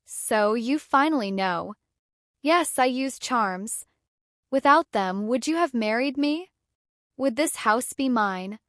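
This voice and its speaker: A woman's voice: on the high side, expressive, slow pace, a bit bright, no room sound, clean studio sound. A woman voicing a cruel, scheming stepmother who is harsh and threatening by turns and falsely sweet at others. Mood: bitter.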